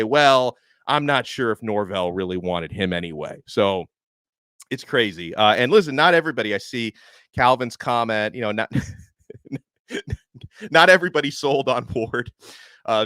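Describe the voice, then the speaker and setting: A man's voice: mid-range voice, fairly bright tone, dry recording, studio quality. A man hosting a sports talk show, chatty with many asides, answering viewer comments. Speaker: podcast host.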